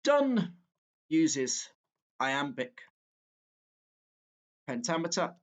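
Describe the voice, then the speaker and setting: A man teaching a literature exam walkthrough, talking slowly and haltingly, with fillers and self-corrections as he works through a poem. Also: a little high, big pitch swings.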